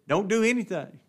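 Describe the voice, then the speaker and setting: A man teaches an adult Bible class with a high, light voice. He talks in a folksy, plain way and keeps putting questions to the room. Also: fairly bright tone, slightly rough. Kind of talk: Bible lesson. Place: church classroom.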